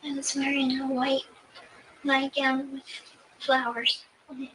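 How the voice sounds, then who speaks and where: A young woman answering an investigator's questions in a recorded interview, soft and hesitant with many pauses. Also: high voice, monotone. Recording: distant mic with faint hiss.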